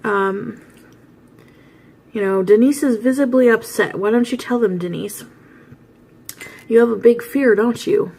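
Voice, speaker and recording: A woman's voice: a little high, measured pace, long pauses, a little mellow, slightly rough. A woman mimicking a smug male talk-show host. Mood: goading. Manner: mocking, needling.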